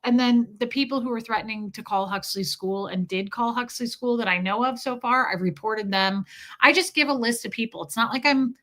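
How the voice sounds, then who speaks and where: A woman hosting a casual livestream, telling a story while thanking her viewers between sentences. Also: a little high. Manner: chatty, thanks viewers mid-story, animated retelling. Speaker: livestream host.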